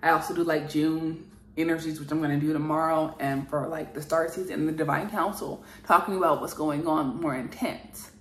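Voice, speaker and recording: A woman's voice: deep voice, fairly even intonation, moderate pace, reverberant. A woman speaking as a spiritual channeler in an earnest, repetitive monologue that rambles and is full of fillers.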